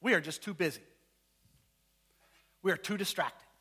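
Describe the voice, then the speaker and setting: A man's voice: high-pitched, moderate pace, pushed and bright, slightly rough. A man preaching a sermon in church, joking and firing questions at the congregation. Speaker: pastor.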